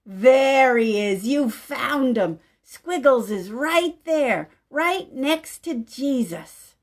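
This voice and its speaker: A woman pastor with a bright, high voice reads a picture book aloud to young children at story time. She goes unhurriedly, with a gentle, animated lilt, stopping to ask the little ones questions.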